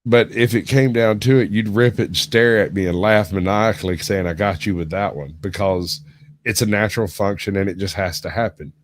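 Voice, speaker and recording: A man's voice: fairly low pitch, steady tone, moderate pace, slight background noise. A man chatting casually as a guest on a podcast, crude and joking in a laid-back way. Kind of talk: casual chat.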